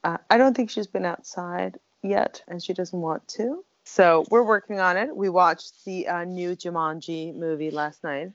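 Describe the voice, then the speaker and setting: Chatty woman with a gravelly low voice. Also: measured pace, few pauses, no room sound. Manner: chatty, laughs often, teasing. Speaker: podcast co-host. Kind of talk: casual chat. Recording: dull lo-fi sound.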